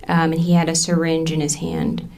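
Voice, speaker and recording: A woman in her thirties testifying in a courtroom, halting and full of ums as she recounts what happened. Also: deep voice, completely flat delivery, darkish tone. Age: 30s. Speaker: trial witness.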